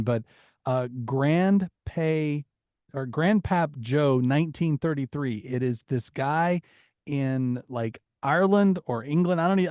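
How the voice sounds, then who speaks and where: A man's voice: on the high side, a little mellow, no room sound, studio quality. Easygoing man co-hosting a chat show. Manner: easygoing, rambling with filler words. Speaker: podcast co-host. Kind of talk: casual chat.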